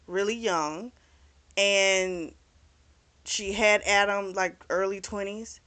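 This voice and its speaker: A woman hosting a book club channel, casually retelling a novel's plot with fillers and quick little acted-out lines. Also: medium pitch, a bit bright. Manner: chatty and informal, retells scenes by briefly acting out the characters' lines; mild swearing, frequent fillers.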